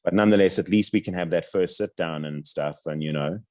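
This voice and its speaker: A man's voice: sits low, brisk, a little mellow. A man with a South African accent, a voice-over artist and coach chatting in an interview, rambling with lots of restarts and fillers. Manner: rambling, chatty, many restarts and "you know what I mean". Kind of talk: casual interview chat.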